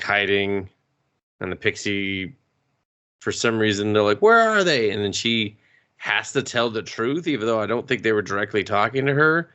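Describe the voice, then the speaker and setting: A man co-hosting a podcast, casually retelling a movie with swearing and quick put-on voices. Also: on the low side, pushed and bright, clean tone, lo-fi sound. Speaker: podcast co-host. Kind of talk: casual movie review chat.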